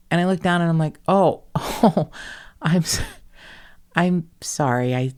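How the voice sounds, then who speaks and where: A woman's voice: on the low side, unhurried, darkish tone, clear, resonant tone. Profane, self-mocking woman telling stories. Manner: profane, self-mocking storyteller acting out quoted voices. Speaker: podcast host. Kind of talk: casual podcast chat.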